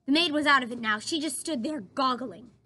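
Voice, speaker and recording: A woman teacher reads a children's book aloud to her students, expressive and breaking off for chatty asides. Her voice sits high. Faint ambient noise hums behind her. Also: brisk, low-quality recording. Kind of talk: read-aloud storytelling for students.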